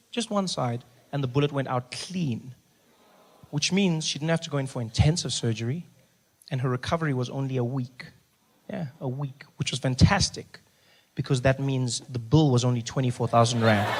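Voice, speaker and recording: A male stand-up comedian telling a family story on stage, animated and loud, repeating words for effect. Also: a little high, slight background noise.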